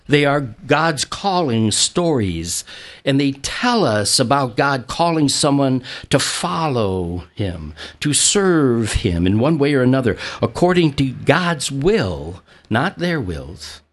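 A man preaching a sermon, reading scripture and retelling it in an animated way, with frequent restarts and small chuckles. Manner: animated, acts out quotes with a jumping pitch; stammering restarts, chuckles now and then. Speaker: pastor.

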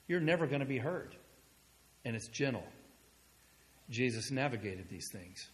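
A male pastor preaching a sermon in a conversational storytelling manner, moving between hushed asides and loud, excited passages. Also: medium pitch, unhurried, big-room sound.

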